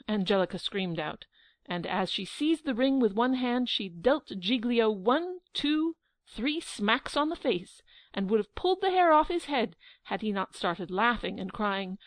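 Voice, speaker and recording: A woman narrating a children's audiobook in a lively storytelling manner. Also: on the high side, measured pace, no room sound. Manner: lively storytelling, acting out the quotes.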